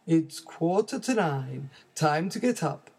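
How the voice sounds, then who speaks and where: A woman's voice: low-pitched, animated, slow, a little mellow, husky, exaggerated voice. A woman voicing a tall father bear in a plain, matter-of-fact way in a storybook reading. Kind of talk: storybook read-aloud.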